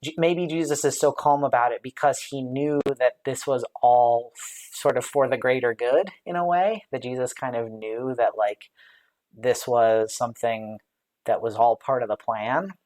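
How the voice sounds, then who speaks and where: A Bible study leader on a live stream speaks in a mid-range, darkish voice, a little slow. Thinking aloud with plenty of fillers and light laughs, the leader reads out viewer comments as they arrive and responds to them.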